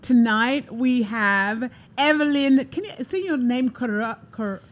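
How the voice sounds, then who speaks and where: A woman's voice: a little high, expressive, measured pace. Effusive chatty woman hosting a talk show. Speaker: show host. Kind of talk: casual live-stream talk show. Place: New York City.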